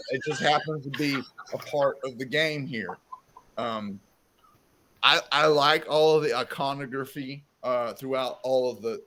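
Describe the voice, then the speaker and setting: A man's voice: medium pitch, fairly bright tone. Profane rambling man in casual chat. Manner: rambling, profane, self-mocking, slips into a put-on Southern drawl. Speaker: podcast co-host.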